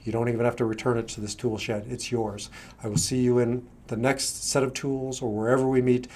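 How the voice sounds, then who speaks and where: A middle-aged man speaks as a coach in an earnest, conversational way. His voice sits at an ordinary pitch. He talks straight to his listeners in a motivational talk. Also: flat delivery, brisk, darkish tone, slight background noise. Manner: earnest, conversational, acts out his own side of an argument.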